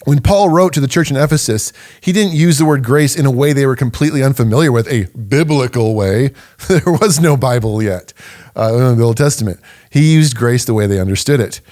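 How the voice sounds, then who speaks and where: A man's voice: medium pitch, brisk, a little mellow. A man hosting a podcast, giving an emphatic, conversational teaching monologue and laughing now and then. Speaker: podcast host.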